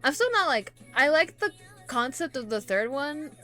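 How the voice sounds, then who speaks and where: A woman reacting casually to photos, rambling and full of fillers, gushing with excitement. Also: high-pitched, normal speed, soft background music. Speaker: K-pop reaction vlogger.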